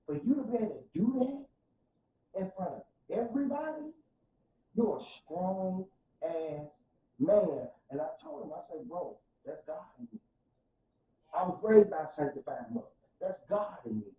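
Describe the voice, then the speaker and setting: St guy preaching his story on a podcast, goes quiet then loud, kinda far off in an echoey room. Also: high-pitched, animated, normal speed. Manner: fervent, preacher-like, swings from soft to loud. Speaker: podcast guest. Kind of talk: emotional testimony in casual podcast talk. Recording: roomy, distant, dull sound.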